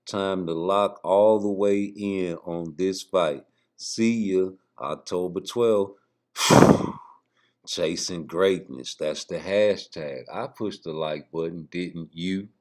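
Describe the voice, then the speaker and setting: Male boxing vlogger, low voice, unhurried, profane and rambling, talks to camera. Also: a little mellow. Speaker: boxing YouTuber. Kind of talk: casual boxing commentary.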